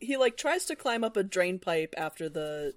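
A woman's voice: lowish voice, big pitch swings, normal speed, no echo. A young woman co-hosting a podcast, chatting casually about a book and rambling with lots of ums and likes. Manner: rambling, many fillers. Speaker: podcast co-host. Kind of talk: casual book-club chat.

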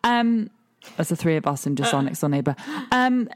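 A woman's voice: low voice, lively intonation, moderate pace. A woman, co-hosting a casual chat, teasing and cheeky. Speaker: co-host.

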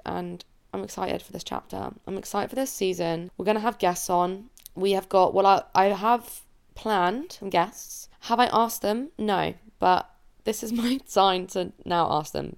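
A woman's voice: fairly low pitch, vocal fry, clean tone. A young woman from England hosting a solo podcast, talking openly and emotionally about her life in a chatty way, her voice cracking near tears at times. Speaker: podcast host. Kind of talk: solo confessional podcast chat. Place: at home under a blanket.

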